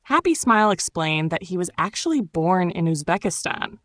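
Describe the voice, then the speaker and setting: A woman from Turkey reads her own memoir aloud in a calm, unhurried, reflective way. Her voice sits on the lower side, and the audiobook recording is close and dry, with no room sound.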